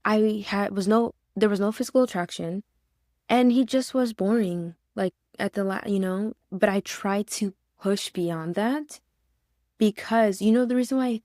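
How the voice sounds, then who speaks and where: A woman's voice: mid-range voice, moderate pace, a little mellow, no echo, studio quality. A woman in casual podcast chat, telling a personal story and acting out what she once said. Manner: storytelling, acts out her own past words.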